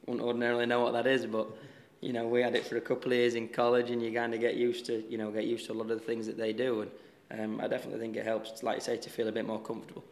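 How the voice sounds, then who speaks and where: A young Yorkshire man talks easily in an interview, stopping and restarting his sentences often. His voice stays flat in tone and sits at an ordinary pitch. It sounds like he is in an echoey room. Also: vocal fry. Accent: Yorkshire English. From Yorkshire, England. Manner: relaxed, halting, many restarts and fillers. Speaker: professional golfer, interviewee. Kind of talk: casual interview answers.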